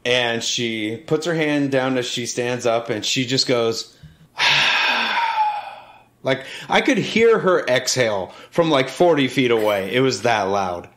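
A man co-hosting a podcast, telling a story in a relaxed, self-mocking, chatty way. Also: mid-range voice, a little slow, hardly any pauses. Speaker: podcast co-host, opera singer. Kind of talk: casual storytelling chat.

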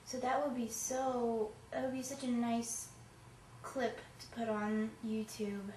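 A woman with a slightly high voice puts questions to a friend in an easy, encouraging tone. She sounds distant and roomy, with a faint hiss in the background. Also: level tone, slow, darkish tone. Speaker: friend and interviewer. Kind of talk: casual interview questions.

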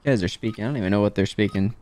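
A man's voice: on the low side, rapid-fire, darkish tone, a little hiss or hum. A man streaming a shooter game, giving casual commentary and joking with his chat. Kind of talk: live gameplay commentary.

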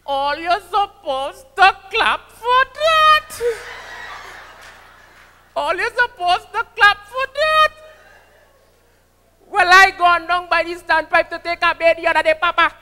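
A man doing an impression of a brash male comedian, with a Trinidadian accent and sing-song, shouted punchlines. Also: very high-pitched, very animated, slow pace, pauses often, voice pushed up, exaggerated voice. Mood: boisterous. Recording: live stage with long hall reverb.

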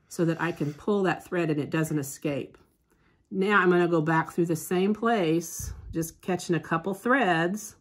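Woman, lowish voice, quilting teacher demonstrating hand stitching, chatty and down-to-earth. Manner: chatty, homespun, thinks aloud while working. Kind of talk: hands-on sewing demonstration. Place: sewing shop classroom.

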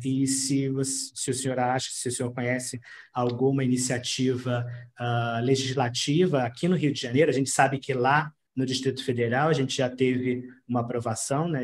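A man speaking Brazilian Portuguese, moderating a panel and relaying audience questions politely, with frequent hesitations. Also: mid-range voice. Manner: polite, hesitant, many fillers.

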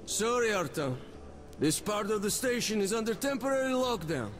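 A firm game guard, high lively voice, a bit of music behind. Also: male voice, moderate pace.

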